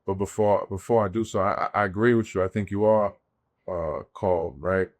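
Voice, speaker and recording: A man hosting a podcast, asking reflective questions in a measured, supportive way and drawing on faith sayings. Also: sits low, steady tone. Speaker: podcast host. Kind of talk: interview questions with faith references.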